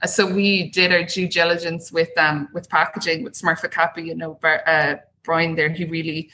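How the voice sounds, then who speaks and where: A woman's voice: low-pitched, moderate pace, slight background noise, low-quality recording. A woman, a guest on an interview podcast, talking casually and acting out the voices she quotes. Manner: animated storytelling, acts out quoted voices. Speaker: guest, small business owner.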